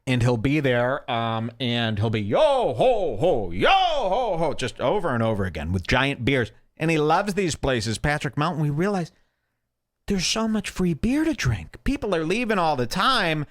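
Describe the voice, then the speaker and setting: Animated, mocking male show host. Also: on the high side, normal speed. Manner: mocking, scolding rants, irreverent. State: has a headache. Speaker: internet radio show host. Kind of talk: rambling live show commentary.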